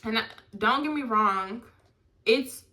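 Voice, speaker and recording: A young woman hosting a podcast, talking earnestly and candidly about her faith, with lots of likes and you knows. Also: slow. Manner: earnest and heartfelt, drifting from bursts to soft low lines. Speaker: podcast host. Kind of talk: candid faith-based personal talk.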